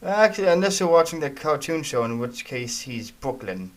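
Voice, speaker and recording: A man's voice: a little high, big pitch swings, normal speed. A man in his twenties, co-hosting with dry, offhand quips in casual banter. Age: 20s. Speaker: co-host.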